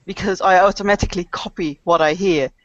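Dutch woman, lowish voice, casual chat, dull lo-fi sound. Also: fast talker, slight background noise. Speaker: guest.

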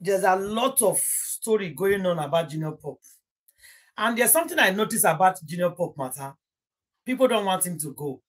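A woman's voice: fairly low pitch, expressive, normal speed. A young Nigerian woman hosting a casual gossip livestream, rambling and emotional, slipping Pidgin into her English. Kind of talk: casual live-stream chat.

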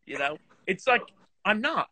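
A middle-aged man, a guest musician and teacher, telling stories in a casual chat, animated and self-deprecating, laughing often. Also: sits high, a little slow, dry recording. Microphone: video call.

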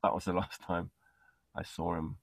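A man's voice: deep voice, flat delivery, moderate pace, gravelly, husky, no echo. A man hosting an interview over a video call, chatty and enthusiastic with lots of fillers. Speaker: podcast host. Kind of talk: casual interview chat.

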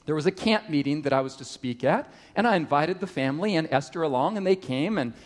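A middle-aged male preacher with a high, very lively voice that swings up and down as he tells his story. His sermon carries a long reverb from a large meeting hall. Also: fast. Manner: storytelling with animated rises and drops.

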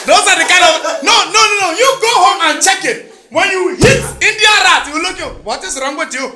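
A Nigerian man doing stand-up comedy in English mixed with Pidgin, telling animated stories and breaking into sudden shouts. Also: extremely high pitch, fairly quick, roomy sound, a loud crowd, very noisy. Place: stage in front of a live audience.

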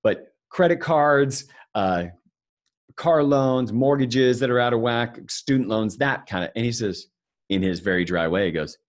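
A man's voice: medium pitch, unhurried. A man giving a live financial seminar, talking conversationally and joking with the audience. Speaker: financial speaker presenting to an audience.

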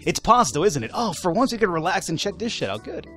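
A man giving casual, animated let's-play commentary, swearing, laughing and talking back to the game's characters. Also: sits high, fast, soft background music. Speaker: gaming YouTuber.

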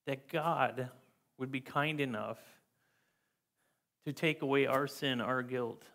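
A man's voice: medium pitch, slow pace, fairly bright tone. Earnest man preaching a sermon. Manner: earnest, emphatic, repeats key words. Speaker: pastor. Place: church.

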